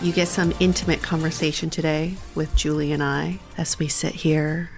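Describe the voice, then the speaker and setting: Playful woman podcast co-host, lowish voice. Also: little pitch movement, normal speed, creaky, music in the background. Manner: playful, laughs often. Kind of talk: casual chat.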